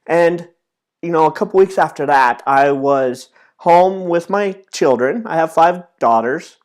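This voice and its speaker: A man's voice: on the high side, unhurried. A man in his thirties giving a casual motivational talk as a self-improvement trainer, earnest and storytelling, with frequent restarts. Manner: earnest, storytelling, many restarts and repeated words.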